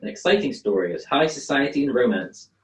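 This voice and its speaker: A man's voice: medium pitch, very animated, brisk, close to an everyday voice. An actor playing an earnest, loyal male doctor in a radio drama, eager and slightly flustered. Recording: roomy home recording.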